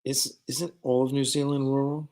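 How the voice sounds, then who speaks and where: A man's voice: medium pitch, level tone, moderate pace, darkish tone. A man hosting a live stream, chatting casually with viewers in a rambling way, with many fillers, and reading out their comments. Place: studio set of a starship bridge.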